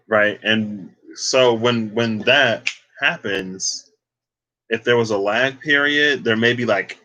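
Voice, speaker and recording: A man's voice: on the low side, pushed and bright, low-quality recording. A man doing a casual livestreamed tarot card reading, talking in a loose, chatty way with sassy asides.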